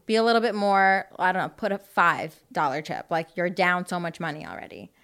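A woman's voice: on the low side, animated, brisk, fairly bright tone, clean tone. A woman in casual chat, telling a story in a chatty way with many fillers. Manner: chatty, filler-heavy with lots of "like".

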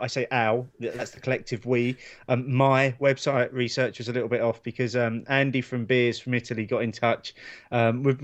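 A man co-hosting a beer podcast, talking in a relaxed, rambling way with lots of ums. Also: medium pitch. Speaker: podcast co-host. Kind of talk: casual chat.

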